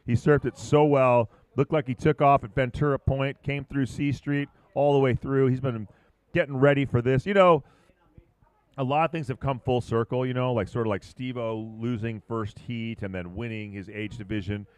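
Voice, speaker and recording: Excitable male surf commentator, dry sound. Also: medium pitch, normal speed, smooth, no echo. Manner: calls big moves with sudden excited shouts. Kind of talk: live sports commentary.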